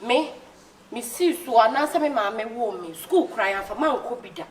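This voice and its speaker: A woman's voice: on the high side, lively intonation, normal speed, far from the mic. A woman acting in a comedy skit, boastful and talkative.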